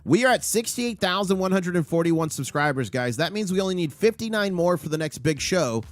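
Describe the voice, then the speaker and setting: Excitable man rattling off market prices. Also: sits high, brisk, no room sound. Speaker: livestream host. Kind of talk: live market commentary.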